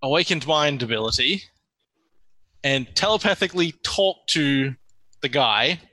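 A man playing a tabletop game, planning out loud, hesitant and full of restarts. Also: fairly high pitch, animated, measured pace, dry recording, rough recording. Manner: hesitant, restarting and thinking aloud. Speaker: player. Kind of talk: casual tabletop game chat.

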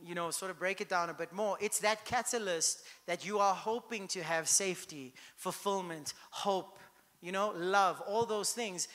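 High-voiced bright pastor preaching in a hall. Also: male voice. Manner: conversational, checks in with congregation often. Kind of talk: sermon.

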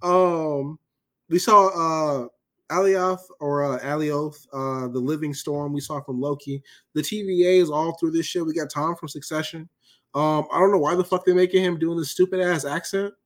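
Animated high-voiced man ranting. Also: moderate pace. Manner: animated, profane, emphatic ranting. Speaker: podcast co-host. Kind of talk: casual chat.

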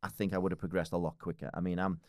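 A man's voice: sits low, little pitch movement, very fast, darkish tone, dry recording, clean studio sound. A man in his forties, a podcast guest talking casually and bluntly, swearing freely and laughing often. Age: 40s.

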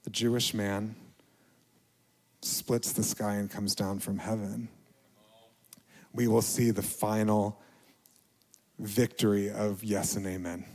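A middle-aged male pastor giving a reflective, confessional sermon, with quiet dips to near a whisper. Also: fairly low pitch, flat delivery, takes it slowly, pauses often, in a large hall.

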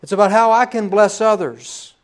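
A man's voice: high voice, steady tone, moderate pace. A middle-aged man from the United States preaching a sermon in a folksy, conversational storytelling manner. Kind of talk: sermon with a told joke.

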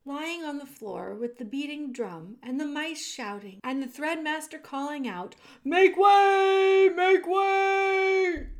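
A woman reading a children's book aloud chapter by chapter, in an expressive way that speaks directly to the listener. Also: sits high, moderate pace, few pauses. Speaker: storyteller.

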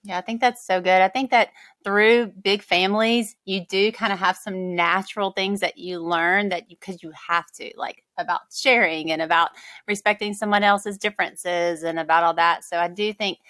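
A woman's voice: medium pitch, fairly even intonation, moderate pace, a bit bright, no room sound. A woman on a podcast who speaks in an affirming, conversational way. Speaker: podcast guest.

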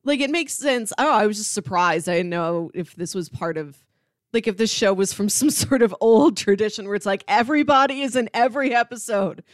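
A woman's voice: mid-range voice, lively intonation, normal speed, no room sound, studio quality. A woman co-hosting a podcast, chatting casually and analytically about a sitcom, often laughing. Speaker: podcast co-host. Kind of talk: casual chat.

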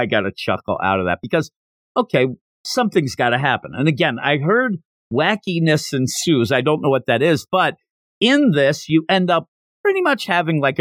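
A man's voice: medium pitch, no room sound. A man hosting a manga review podcast, chatting casually as he recaps the plot with wry jokes. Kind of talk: casual solo review chat.

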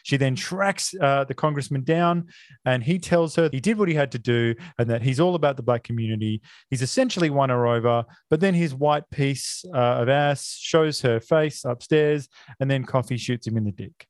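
A man co-hosting a podcast walks through a film's plot in a loose, chatty way, dropping filler uhs and casual swearing as he goes. His voice sits at an ordinary pitch and sounds dry and close to the mic. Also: normal speed, dry recording. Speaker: podcast co-host.

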